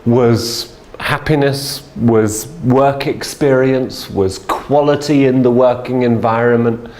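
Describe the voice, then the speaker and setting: A man's voice: medium pitch, darkish tone. A man telling a story as a sales trainer, in a chatty way with many fillers and restarts. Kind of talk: storytelling lesson.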